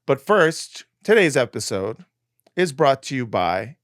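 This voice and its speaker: A man's voice: mid-range voice, sing-song, a little slow, dry recording, clean studio sound. A man co-hosting a casual comedy podcast, joking around and rambling with plenty of fillers. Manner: jokey, rambling, lots of fillers. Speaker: podcast co-host.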